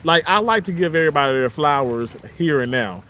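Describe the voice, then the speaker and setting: A man with a Southern American accent, chatting casually on a live stream outdoors by the water, warm and grateful as he reads out viewers' messages. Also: medium pitch, lively intonation, quick pace, few pauses, a little hiss or hum. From Southern United States. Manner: warm, grateful, chuckles often. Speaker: live-stream host reading chat.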